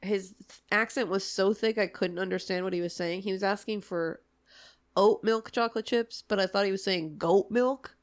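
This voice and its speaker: A young adult woman co-hosting a podcast in casual chat, animated and swearing casually, often laughing. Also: medium pitch, normal speed. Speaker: podcast co-host.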